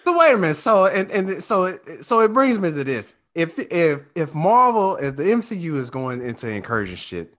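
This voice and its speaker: A man's voice: on the high side, big pitch swings, moderate pace, hardly any pauses, a bit bright. A man in casual podcast chat, emphatic and repeating himself for effect.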